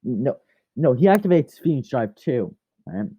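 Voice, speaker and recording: A man's voice: medium pitch, sing-song, unhurried, mellow, breathy edge, no echo, highs cut off. A man rambling through a casual fan story, chatty and often correcting himself.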